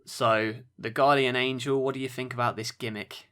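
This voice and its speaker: A man's voice: mid-range voice, fairly even intonation, normal speed, sharp tone, smooth. A man hosting a wrestling podcast, giving dry play-by-play with sarcastic asides. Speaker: podcast host. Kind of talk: wrestling match review commentary.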